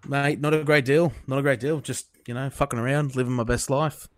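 A man's voice: mid-range voice, fairly even intonation, brisk. A young Australian man hosting a casual podcast, blunt and crude, swearing freely. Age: young adult. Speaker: podcast host.

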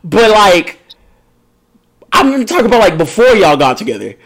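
A man's voice: high voice, sing-song, moderate pace, fairly bright tone. A young man co-hosting a podcast, chatting casually in a loose, joking way with profane slang and frequent laughter. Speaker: podcast co-host. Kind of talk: casual chat.

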